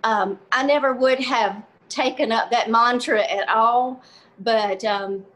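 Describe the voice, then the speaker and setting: Older Southern woman, comedian guest on a video call, slightly high voice, folksy and quick to laugh. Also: a bit bright. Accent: Southern American. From Southern US, Georgia. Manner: folksy, laughs often, storytelling. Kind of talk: casual interview chat.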